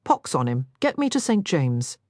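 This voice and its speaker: Brief: woman playing a harsh, curt injured gambler, lively and clipped, dry audiobook sound. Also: deep voice, moderate pace, dry recording. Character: gruff injured man, rude gambler.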